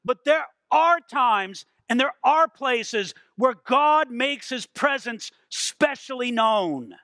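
Male pastor, high voice, dry close sound, lively sermon delivery with acted quotes. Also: dry recording. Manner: animated preaching with acted quotes, dramatic slowdowns.

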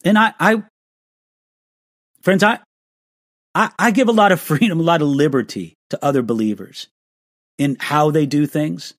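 A man's voice: fairly high pitch, normal speed, pauses often, no room sound, studio quality. A man answering viewer questions in an online live stream, earnest and restarting his sentences with small stammers.

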